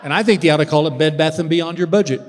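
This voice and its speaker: A man's voice: fairly high pitch, quick pace, noisy background. A man in his sixties doing a stand-up comedy set on stage, a drawling storyteller building to exasperated punchlines. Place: large theater stage. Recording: reverberant hall with faint ambience.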